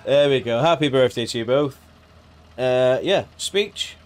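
A man's voice: mid-range voice, normal speed, over music. A man chatting casually on a live game stream, joking, laughing and thanking viewers by name.

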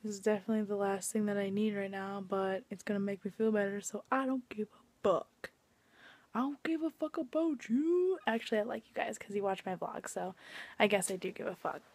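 A woman's voice: medium pitch, steady tone, brisk, dry recording. A young woman vlogging at home late at night, venting her frustration, swearing and often dropping into a whisper. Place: at home indoors.

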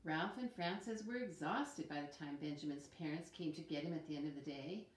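A woman reading a children's picture book aloud in a calm, expressive way. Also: low-pitched, moderate pace, slight background noise. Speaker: storyteller. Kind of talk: children's story read-aloud. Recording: roomy echo.

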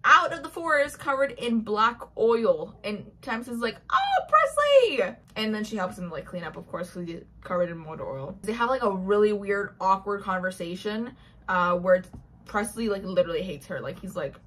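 Young woman, chatty book-recap vlogger, slightly husky tone, middle-height voice, gushing delivery that acts out each character. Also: mid-range voice, normal speed, fairly bright tone. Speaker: book reviewer. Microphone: built-in mic.

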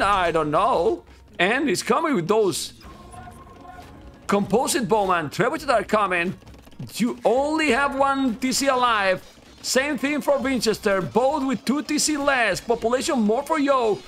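Male esports caster, Spanish accent, native Spanish speaker, high and sharp voice, excitable, yells at players. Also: unhurried, faint music behind. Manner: excitable, talks to viewers as guys, bursts into yelling at players. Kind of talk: live game commentary.

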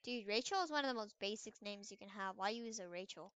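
A woman's voice: medium pitch, fairly quick, fairly bright tone, clean tone, no room sound. A young woman chatting playfully while playing an online game, exclaiming often as she narrates what happens. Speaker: gamer. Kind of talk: casual gameplay commentary.

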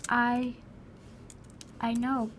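A woman's voice: fairly high pitch, completely flat delivery, very slow, a little hiss or hum. A woman giving casual game commentary, chatty and giggly, full of dramatic exclamations. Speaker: gameplay commentator.

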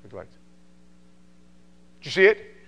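A middle-aged man from New York with a New York accent, teaching a Bible study in a joking, animated way. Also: measured pace, noisy background. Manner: joking, animated, does mocking voices. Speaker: pastor.

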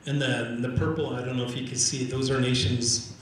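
Animated male speaker in an echoey hall. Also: mid-range voice, brisk, far from the mic, a little hiss or hum. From Canada. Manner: animated storyteller acting out quoted exchanges; repeats words when restarting. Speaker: Indigenous organizer and speaker. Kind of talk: live public talk. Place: large event room with audience. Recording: very roomy hall echo, faint ambience.

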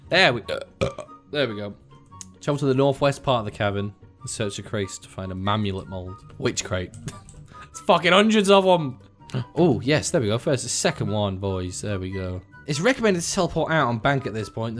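A young man giving casual, excitable gameplay commentary, swearing freely and swinging between mumbled asides and loud outbursts. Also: mid-range voice. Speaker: gaming video host. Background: faint background music.

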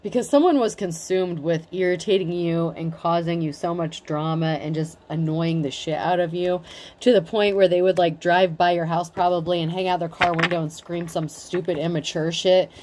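Casual woman tarot reader, blunt and chatty, warm mellow tone. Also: lowish voice, steady tone, normal speed, slight background noise. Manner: chatty, blunt, swears freely, says like a lot. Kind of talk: casual tarot reading monologue.

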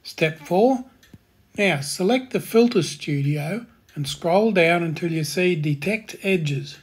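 Man tutorial host, slightly raised pitch, husky, calm step-by-step delivery. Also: takes it slowly. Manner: calm, plain instructional delivery.

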